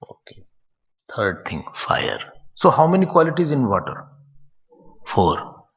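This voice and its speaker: A man's voice: medium pitch, sing-song, measured pace. A man, a spiritual teacher giving a playful scripture lecture and quizzing his listeners. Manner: playful, asks the listeners questions. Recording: dull lo-fi recording in a reverberant hall.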